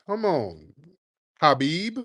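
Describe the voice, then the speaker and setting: A man's voice: a little high, sing-song, drawn-out words, a bit bright, no room sound, studio quality. A man hosting a live call-in chat, mocking and taunting his callers, calling them "sir". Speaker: host.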